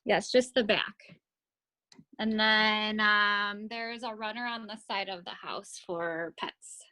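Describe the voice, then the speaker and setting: A woman's voice: mid-range voice, steady tone, takes it slowly, pushed and bright. A woman real estate agent casually giving a virtual home tour over a phone video call, with frequent fillers.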